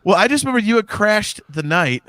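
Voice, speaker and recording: Guy with a kinda high voice, cussing through an old party story. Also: lively intonation, a little fast, fairly bright tone, dry recording. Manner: profane, storytelling. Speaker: podcast co-host. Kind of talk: casual chat.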